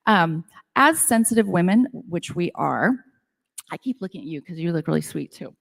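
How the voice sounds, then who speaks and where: In a conference room carrying a hall's long reverb, a middle-aged woman addresses a women's business event. Her low-leaning, gravelly voice is expressive and moves at normal speed as she shares casual, self-mocking stories full of "like" with the live crowd.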